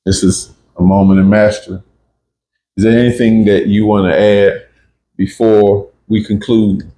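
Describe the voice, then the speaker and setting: A man's voice: fairly low pitch, level tone, measured pace, warm tone, echoey room, a little hiss or hum. A man hosting a casual spiritual talk, emphatic and often checking in with "right?" and "you see?". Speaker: podcast host.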